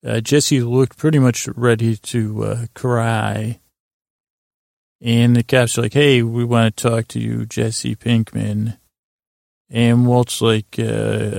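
A podcast host with a gravelly, mid-range voice casually recaps a TV episode in a rambling way. He quotes the characters in a flat voice without much change. The sound is clean studio audio with no echo.

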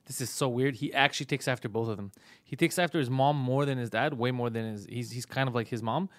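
A man hosting a casual comedy podcast, brash and profane, joking fast at a close microphone. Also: mid-range voice, dry recording. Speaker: podcast host.

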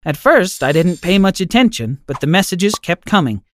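Guy putting on a sweet old granny voice, soothing and forgiving, way up high. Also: very animated, moderate pace, no echo. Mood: gentle, kindly. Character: kindly old grandmother, gentle and forgiving. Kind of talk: storybook narration.

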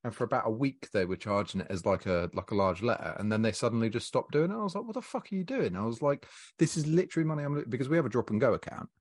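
A podcast host with a fairly low voice, recorded dry and close. He tells his stories with exasperated animation and curses freely. His tone is casual and conversational throughout. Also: rapid-fire, no room sound. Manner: animated storyteller, swears when exasperated.

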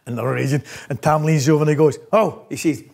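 A man, a former footballer, telling a team anecdote in an animated, laughing way. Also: a little high, fast, vocal fry. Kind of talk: storytelling anecdote.

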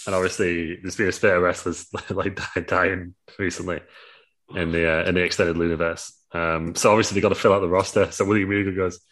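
Low-voiced man rambling a story. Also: flat delivery, a little fast, a bit bright. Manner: rambling, laughs between lines, swears. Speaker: podcast co-host. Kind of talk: casual storytelling chat.

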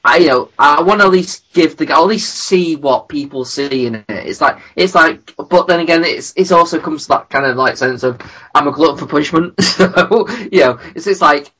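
A man's voice: fairly high pitch, normal speed, bright, forceful tone, husky. A man, co-hosting a casual podcast, rambling and repeating words as he works toward his point. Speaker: podcast co-host.

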